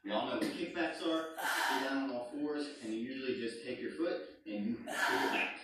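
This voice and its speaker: A man's voice: mid-range voice, normal speed, sharp tone. A man teaching leg exercises, coaching upbeat through each move as he demonstrates it. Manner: upbeat coaching, demonstrating moves while talking. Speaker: fitness instructor. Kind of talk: workout demonstration. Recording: far from mic, very echoey room, clear noise.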